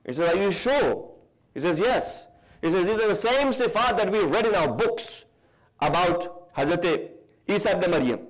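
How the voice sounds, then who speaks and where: A man from the UK with a fairly high voice preaches a sermon in a large hall. He tells his story with lively emphasis and slows down to stress key points. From United Kingdom. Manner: lively, slows for emphasis, mixes in Arabic terms.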